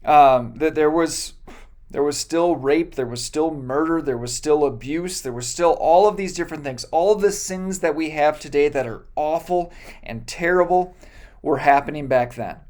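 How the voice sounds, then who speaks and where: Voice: mid-range voice, moderate pace, a little mellow. Pastor telling a Bible story casually. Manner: casual storytelling with joking asides; many fillers and self-corrections. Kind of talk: sermon retelling a Bible story.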